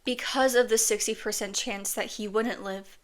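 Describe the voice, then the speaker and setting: A woman's voice: medium pitch, fairly even intonation, normal speed. A woman casually telling a personal story on her podcast, chatty and earnest, with lots of "like" fillers.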